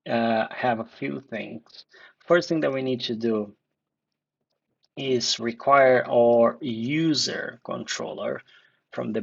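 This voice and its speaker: A man teaching a coding tutorial, thinking aloud with many fillers and restarts, recorded in a dark room at his computer. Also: mid-range voice, creaky, breathy edge, highs cut off. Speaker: coding instructor.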